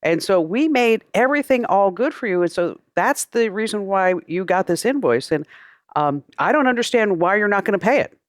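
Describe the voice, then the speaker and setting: A woman's voice: mid-range voice, lively intonation, normal speed, no room sound, studio quality, voice pushed up, natural voice. A woman playing a pushy tech-support scammer who insists on a bill and rambles through restarts.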